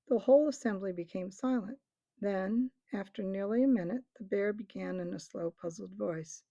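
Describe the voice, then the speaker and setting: Gravelly woman reading a storybook. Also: medium pitch, moderate pace, no room sound. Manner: steady storytelling. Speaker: reader. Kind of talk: audiobook narration. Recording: dull lo-fi recording.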